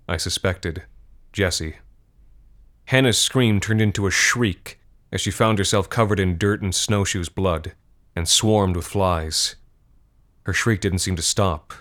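A man reading a scripted horror story in a measured, grim manner. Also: low-pitched.

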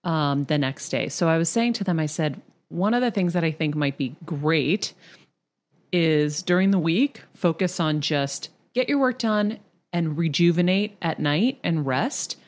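A woman with a low-pitched voice chats on a podcast. She is middle-aged and tells her stories candidly and casually, with animated moments. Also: measured pace. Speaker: podcast host.

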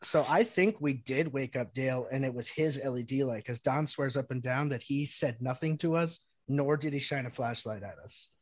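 A man's voice: mid-range voice, moderate pace, few pauses. A man who is a podcast guest and combat veteran, talking bluntly and profanely in casual chat.

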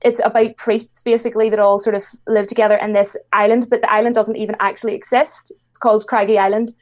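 Fast-talking young Irish woman, chatty. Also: mid-range voice, flat delivery, darkish tone. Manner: chatty, giggly, fast storytelling with many fillers. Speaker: guest YouTuber. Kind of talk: casual chat.

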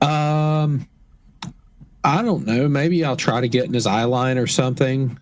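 A man's voice: mid-range voice, fairly even intonation, measured pace, a little hiss or hum. A man playing a tabletop game, talking casually and hesitantly with many fillers. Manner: hesitant, filler-heavy talk. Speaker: player.

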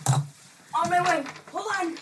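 A woman's voice: very high-pitched, steady tone, slow, a bit bright, dry recording, clean studio sound. A young woman co-hosting a podcast, talking casually with lots of laughs and eager detail. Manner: chatty, giggly, enthusiastic. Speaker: podcast co-host. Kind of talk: casual chat.

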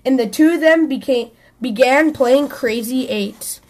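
A woman hosting a children's story podcast, reading a picture book aloud in a lively, expressive way. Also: high-pitched, unhurried.

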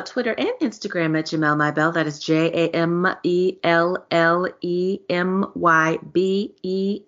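A woman's voice: fairly low pitch, a bit bright, dull audio. A woman guest on a podcast, chatting casually with a joking, sassy manner.

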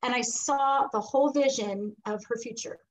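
A woman's voice: fairly high pitch, moderate pace, rough recording. A middle-aged woman, a guest in an interview, telling a personal story with animation and acting out the voices she quotes. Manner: animated, acts out quoted voices, laughs between lines.

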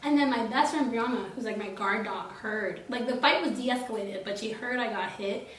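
A woman's voice: on the high side, normal speed, breathy edge. A young woman chatting casually as a podcast guest, telling a story full of "like" and acting out what people said. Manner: animated, full of "like", acts out quotes.

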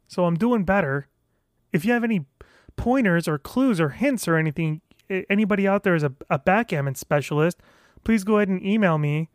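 On his own podcast, a man gives himself a profane, fired-up pep talk, stumbling over and repeating words as he gets worked up and pushes on. His voice sits high, and the studio recording is clean and dry.

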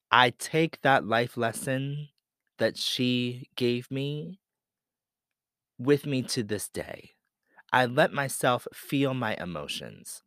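A man from Pennsylvania speaks slowly and deliberately in a low voice, telling a personal story as a podcast host. He is candid and confessional, and the recording is dry and close with no room sound. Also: fairly bright tone, no room sound.

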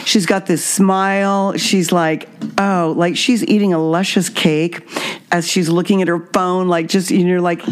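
A woman from Kansas hosting a casual chat, telling stories with an animated, self-mocking manner. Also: on the low side, a little slow, smooth. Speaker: podcast host.

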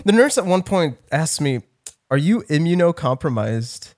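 A man's voice: fairly high pitch, sing-song, moderate pace, darkish tone. Rambling young man telling a story. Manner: rambling storyteller, swears, laughs at himself. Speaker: podcast co-host. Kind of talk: casual chat.

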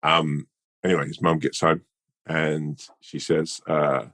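Very deep guy, casual rambly storyteller, dry sound. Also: level tone, takes it slowly, a bit bright, no room sound. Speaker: podcast co-host. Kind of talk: casual chat with a mock-earnest fable.

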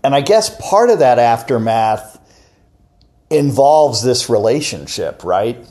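A man with a mid-range voice hosts an interview. He talks in a halting, searching way, stopping and restarting as he shapes his questions. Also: mid-range voice, sing-song, a little mellow. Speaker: podcast host.

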